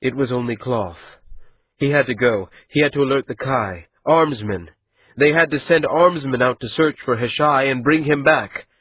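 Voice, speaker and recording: A man narrating an audiobook in a measured, unhurried reading. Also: medium pitch, husky, no room sound, highs cut off. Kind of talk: scripted narration.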